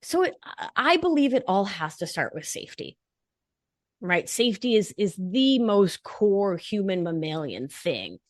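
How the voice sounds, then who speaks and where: Lively, animated woman in a dry podcast recording. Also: mid-range voice, unhurried, no echo. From not from Long Island. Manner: animated, playful, emphatic explaining. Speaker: guest, nurse practitioner and life coach. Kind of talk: conversational podcast interview.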